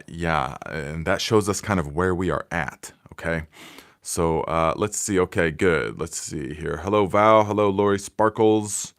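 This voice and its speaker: Man, very low voice, casual live Q&A host, rambling, talking into a phone. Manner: rambling, loose, with many fillers and restarts. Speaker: livestream host. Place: home in Fort Wayne, Indiana.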